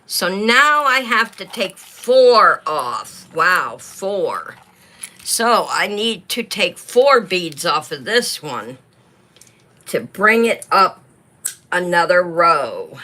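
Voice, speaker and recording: A woman's voice: on the low side, very animated, very slow, bright, forceful tone. A woman chatting casually to livestream viewers while she works on beaded jewelry, with hiccups. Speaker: livestream crafter. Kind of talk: casual livestream craft talk.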